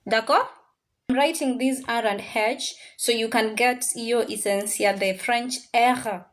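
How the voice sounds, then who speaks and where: A woman teaches French to a class, with a fairly high voice. She talks slowly and patiently, repeating each word several times so the students can follow. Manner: slow, repetitive drilling of words; mixes in Swahili phrases. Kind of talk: classroom language lesson.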